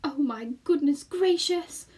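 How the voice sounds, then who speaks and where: A woman voicing a fretful little mother who pleads and moans in a husky whisper. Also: high-pitched, slow, a little mellow, voice pushed up. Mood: distraught. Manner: moaning, pleading.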